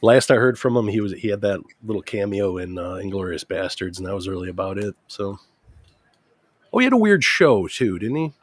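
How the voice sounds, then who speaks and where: A man's voice: fairly low pitch, animated, fairly quick, dry recording. A man chatting casually on a podcast, asking his friends questions and remembering things. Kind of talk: casual chat.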